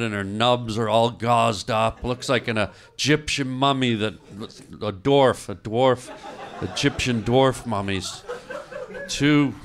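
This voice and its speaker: A male comedian on a club stage, spinning an absurd story in a deadpan, mock-grieving tone. His voice sits at an ordinary middle pitch for a man. Every so often he turns and snaps at the crowd in mock anger. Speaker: stand-up comedian. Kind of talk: improvised stand-up.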